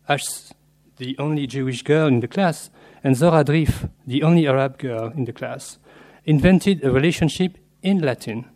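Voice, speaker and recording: A man delivering an academic lecture on literature, read from a prepared paper in a measured, scholarly way with Latin and French terms woven in. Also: mid-range voice, a little mellow.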